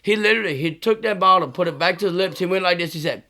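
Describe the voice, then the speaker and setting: Bright-voiced storyteller man. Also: high-pitched, fast talker, few pauses. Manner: rowdy, profane storyteller who laughs through his tale. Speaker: podcast co-host. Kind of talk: casual storytelling.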